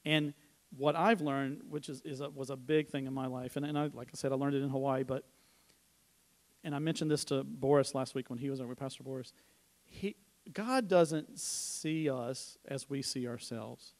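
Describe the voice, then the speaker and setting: A middle-aged man gives a conversational sermon at church, telling personal stories with informal restarts and asides. He speaks at normal speed in a medium-pitched voice with a darkish tone.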